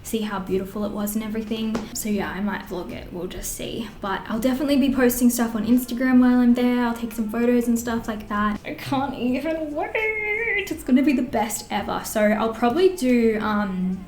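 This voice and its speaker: A woman's voice: on the high side, fairly quick, hardly any pauses, a little hiss or hum. Australian woman, 20s, beauty vlogger, rambly casual chat, roomy echo. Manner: rambling and animated, many fillers. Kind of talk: get-ready-with-me vlog chat.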